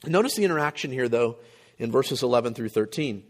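A male pastor preaching a sermon, emphatic, with rhetorical questions and frequent throat clearing. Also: medium pitch, animated, a little fast.

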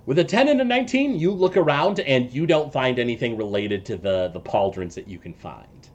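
A man narrating a tabletop game as game master, loose and halting with many fillers. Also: medium pitch, animated, lo-fi sound.

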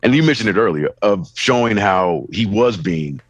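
A man's voice: on the low side, expressive, moderate pace, no room sound, low-quality recording. A man co-hosting a podcast in a laid-back, rambling way, saying "you know" often and swearing casually. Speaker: podcast co-host. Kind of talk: casual chat.

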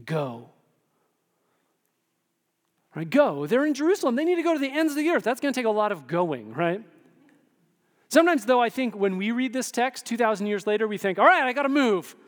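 A man pastor giving an animated sermon, often asking the room "right?" and acting out quotes. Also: sits high, moderate pace, long pauses. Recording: long hall reverb.

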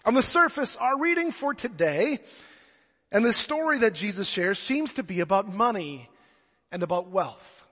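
Male preacher, high and expressive, joking storyteller; long reverb from the church. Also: normal speed. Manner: animated storyteller who jokes. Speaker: pastor. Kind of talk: sermon.

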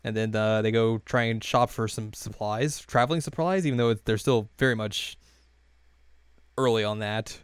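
A man's voice: lowish voice, steady tone, smooth, no echo. Rambling man recapping an episode. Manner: loose and rambling, many fillers and quick quoted voices, laughs often. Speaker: podcast co-host recapping an anime episode. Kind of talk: casual chat.

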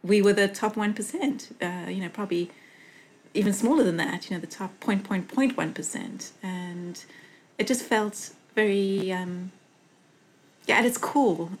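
A woman's voice: mid-range voice, unhurried. A young woman from South Africa speaking earnestly in a conversational interview, reflective and full of fillers and restarts. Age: young adult. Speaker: guest.

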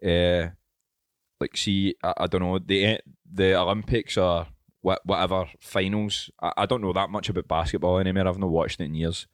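A man's voice: deep voice, fairly even intonation, normal speed, dry recording, studio quality. A man chatting casually as a podcast co-host, swearing and joking through loose banter. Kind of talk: casual chat.

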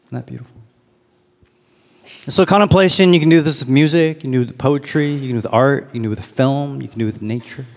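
A man preaching a sermon as pastor, reflective, slowing down to read and linger on lines. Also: mid-range voice, vocal fry, long reverb tail.

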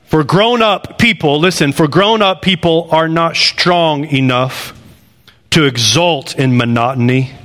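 A man in his thirties delivers a sermon with a fairly high voice. His talk is conversational and full of repetition. He swings between loud, climbing bursts and low, hushed lines. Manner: animated, rising to loud bursts then dropping low and quiet; conversational preaching with repeated phrases. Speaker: pastor.

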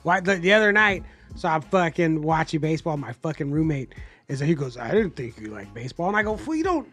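A man hosting a podcast, telling animated, profane stories in casual chat and acting out what people said. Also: a little high, brisk, faint music behind. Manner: profane, animated storyteller, acts out quotes. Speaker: podcast host.

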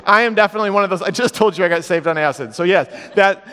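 A middle-aged man preaching a sermon in a church, telling stories in a comic, animated way and acting out the voices. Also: high voice, rapid-fire, clear, resonant tone, long reverb tail. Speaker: guest preacher. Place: church sanctuary.

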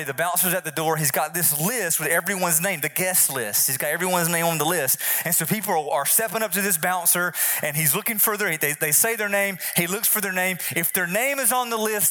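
A man's voice: on the high side, bright, forceful tone. A male pastor giving a conversational sermon, often repeating and restarting his phrases.

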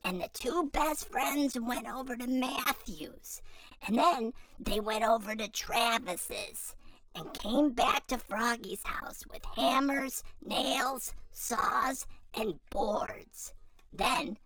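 Slow, hushed woman reading a kids' picture book, bright tone. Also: a little high, no echo. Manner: half-whispered, hushed reading. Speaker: storyteller.

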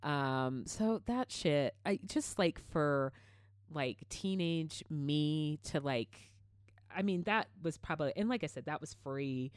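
A middle-aged woman with a notably low voice tells stories in a loose, chatty way. She fills her talk with "like" and "um" and swears freely. The recording is dry and close, with no room around it. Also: slow pace, smooth, no room sound. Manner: animated storyteller, swears freely, many fillers. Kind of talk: casual chat.

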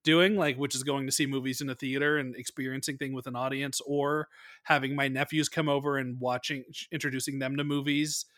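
A man co-hosting a podcast, talking films casually, rambling and animated, swearing freely. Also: medium pitch, fairly quick, dry recording, studio quality. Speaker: podcast co-host. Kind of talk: casual film discussion.

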